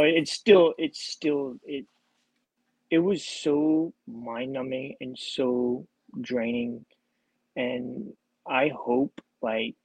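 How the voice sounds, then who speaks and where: A man, a guest who is a former Marine recruiter, speaking haltingly in a casual chat and often repeating himself. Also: mid-range voice, creaky, slightly rough, dry recording, rough recording.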